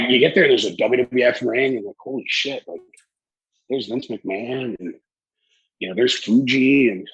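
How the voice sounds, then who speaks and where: A Canadian man in his forties, a wrestling executive appearing as an interview guest, tells animated stories and acts out the people in them with casual swearing. His voice is medium-pitched, a bit bright and slightly rough, with vocal fry. The audio quality is poor.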